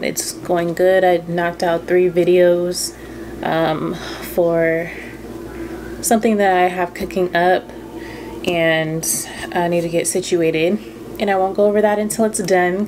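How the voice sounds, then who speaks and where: A young woman talks to her camera at home in an easy, chatty way, her voice sitting a little low. She speaks straight to her viewers as friends. The audio comes from the camera, with household noise clearly audible behind her. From Southern California. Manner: chatty, laid-back, addresses viewers as girl and y'all. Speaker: vlogger. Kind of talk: casual chat to camera. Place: at home indoors. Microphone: camera on a stand.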